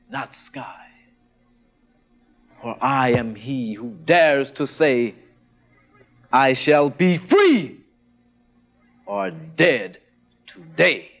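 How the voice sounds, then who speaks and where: A man reciting spoken word poetry with a dramatic delivery that swells and drops. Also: a little high. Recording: dull lo-fi vintage recording.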